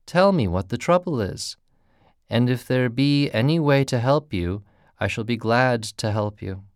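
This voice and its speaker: A man voicing a kind grown man who gently pleads and later gasps in terror. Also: medium pitch, lively intonation, a little slow, no echo, studio quality, natural voice. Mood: gentle pleading. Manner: pleading, then panting and gasping.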